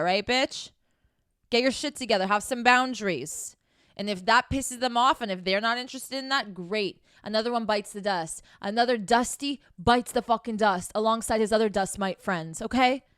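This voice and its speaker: Brief: woman, dating coach, tough-love talker who curses freely, mid-pitched, dry close sound. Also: a bit bright, no room sound. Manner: blunt, scolding, heavy swearing; casual, conversational. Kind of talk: advice monologue.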